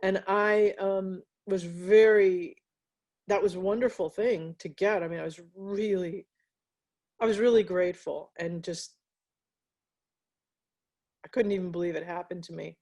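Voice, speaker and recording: An American woman talking in an interview about her work, reflective and pausing often with fillers and restarts. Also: medium pitch, steady tone, a little mellow. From United States. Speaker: interviewee, graphic novelist. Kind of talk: casual interview conversation.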